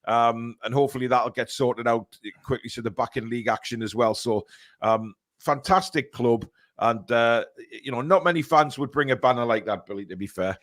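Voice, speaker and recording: A man's voice: medium pitch, moderate pace, a bit bright, dry recording, studio quality. A man from England hosting a live football fan stream, chatting casually with many fillers and reading out viewer comments.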